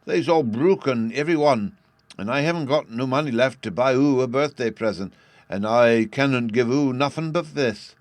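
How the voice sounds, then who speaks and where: A man voicing an earnest little boy from a storybook who lisps and mangles his grammar. The voice sits high above a man's low register, recorded close and dry. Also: normal speed, no room sound, close to an everyday voice. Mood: sorrowful. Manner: lisping, childish grammar. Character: small boy with a childish lisp, earnest.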